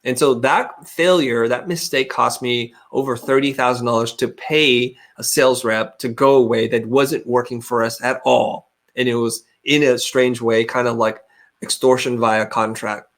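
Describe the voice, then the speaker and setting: A man's voice: medium pitch, fairly even intonation, moderate pace, a bit bright. A middle-aged man on a video call, telling stories candidly as a webinar guest, often restarting his sentences. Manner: candid, storytelling, frequent restarts. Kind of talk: webinar interview.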